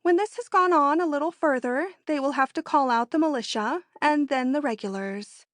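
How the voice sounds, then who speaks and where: A woman voicing Natalie, a bright eager society lady. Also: normal speed, no echo, studio quality, lightly acted. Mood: impatient. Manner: high, emphatic, exclaiming. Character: excitable young society woman, eager and bold. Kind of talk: audiobook character voice.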